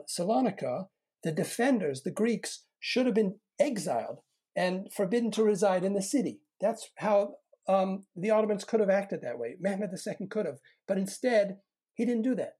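A middle-aged historian giving a long, measured answer in an academic discussion, restarting phrases as he goes. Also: mid-range voice, lively intonation, warm tone, breathy edge. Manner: measured, lecturing with frequent restarts.

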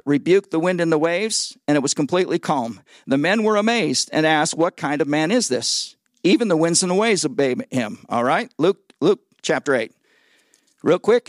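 Guest preacher, male, high voice, dry close sound, jokey and lively, keeps getting call-and-response from the pews. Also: no echo. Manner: lively and joking, calls on the congregation for responses; stumbles and repeats words when excited. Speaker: guest pastor. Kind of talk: sermon. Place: church service before a congregation.

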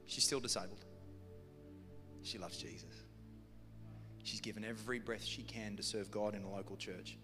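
New preacher telling a funny story. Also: male voice, fairly low pitch, moderate pace, long pauses. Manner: humorous storytelling, lively and conversational. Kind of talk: sermon. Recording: long hall reverb with music behind.

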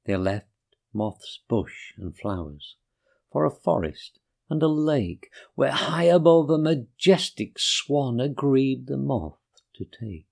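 A man reading rhyming children's poems aloud in a gentle, sing-song way. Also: mid-range voice, animated, takes it slowly, creaky. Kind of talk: rhyming storybook narration.

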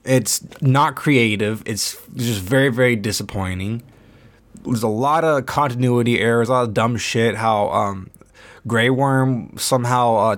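A man hosting a podcast alone, ranting in a casual, profane, rambling way. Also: medium pitch. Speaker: podcast host. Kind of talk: casual solo podcast rant.

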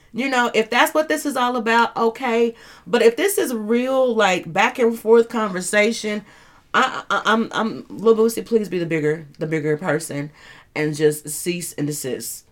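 A woman hosting a casual commentary show, chatty, rambling and laughing as she talks. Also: mid-range voice. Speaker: host.

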